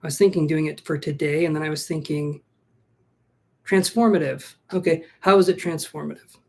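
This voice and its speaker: A man's voice: a little high, fairly even intonation, moderate pace, gravelly, darkish tone. A man hosting a casual live-stream tarot reading, chatty and self-joking, thinking aloud as he greets viewers and shuffles cards. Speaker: tarot reader.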